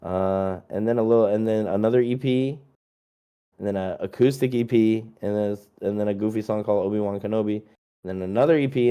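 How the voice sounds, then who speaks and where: A man's voice: fairly low pitch, warm tone, smooth. A young man, a musician guest, chatting casually through a long list of his releases, rambling and joking with lots of fillers.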